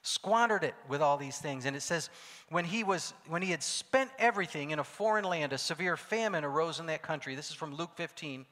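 A man's voice: fairly high pitch, expressive, a little fast. Preaching man in a reverberant hall. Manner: preaching with swings from loud calls to hushed asides. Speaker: pastor. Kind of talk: sermon.

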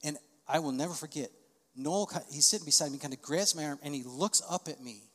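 A middle-aged man preaching a sermon as pastor, telling stories and swelling to loud, emphatic peaks. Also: fairly high pitch, a little fast. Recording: long reverb of a large hall.

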